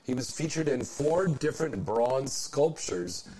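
A man's voice: mid-range voice, unhurried, a little hiss or hum, low-quality recording. A man hosting a casual chat, reading trivia aloud and cracking crude jokes. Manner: joking, crude, animated.

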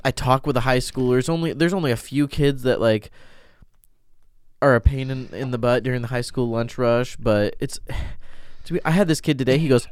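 A man's voice: mid-range voice, moderate pace, smooth, no room sound, clean studio sound. A man in his twenties, a podcast co-host and business owner, chatting casually and acting out his customers as he tells stories. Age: 20s. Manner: animated storyteller, acts out customers.

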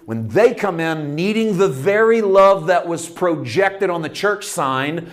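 Impassioned male preacher, hushed to loud. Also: fairly high pitch. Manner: drawn-out emphatic phrases. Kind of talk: sermon.

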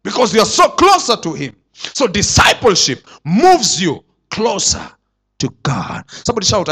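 A man preaching a sermon to his church, swinging between loud declarations and hushed asides. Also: high-pitched, huge pitch swings, unhurried, breathy edge. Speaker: pastor.

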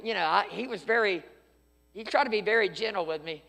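High, bright-voiced fervent man preaching. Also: fairly quick, long reverb tail. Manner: fervent preaching, swings from loud to hushed. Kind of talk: sermon. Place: church sanctuary.

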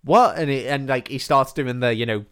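A man, co-hosting a podcast, retelling a film in casual chat with lots of swearing and quick quotes of the characters. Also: medium pitch, fairly even intonation, fairly bright tone, clear, resonant tone. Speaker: podcast co-host.

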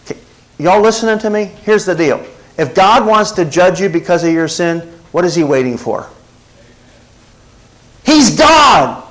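A man delivers a sermon in a slightly high voice. He preaches with call-and-response asides to his congregation. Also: a bit bright, poor audio. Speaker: pastor.

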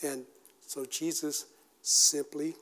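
A male pastor with a fairly high voice delivers a conversational sermon. He talks casually, with fillers and restarts. He swings into loud, acted-out quotes. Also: takes it slowly. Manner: animated, shouts out acted quotes.

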